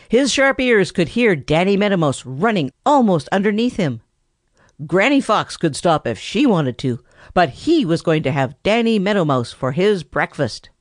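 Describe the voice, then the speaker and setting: A storybook narrator telling a classic children's animal tale. The pitch is lively and expressive throughout. The recording is dry and close, with no room sound. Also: no room sound. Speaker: audiobook narrator.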